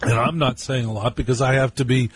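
A man with a husky, slightly breathy voice hosts a live call-in radio show from the studio. He talks in a chatty, storytelling way, drifting into wry asides to his listeners and repeating the call-in number. His pitch sits in an ordinary middle range for a man. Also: fairly even intonation, fast talker, a bit bright. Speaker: radio talk show host.

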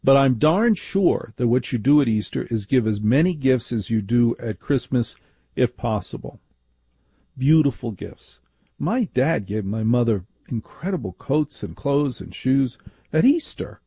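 A middle-aged man hosts a call-in radio show with a gravelly, husky voice. His tone is dark and mellow, and he speaks into a close studio microphone with a dry sound. He tells stories with emphatic, mock-indignant conviction. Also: medium pitch, big pitch swings, measured pace, dry recording. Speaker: radio talk show host.

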